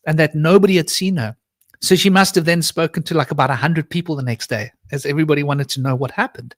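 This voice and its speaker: Animated man telling a story, higher voice. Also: fast talker, no echo. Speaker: panel guest. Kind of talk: storytelling in a live panel talk.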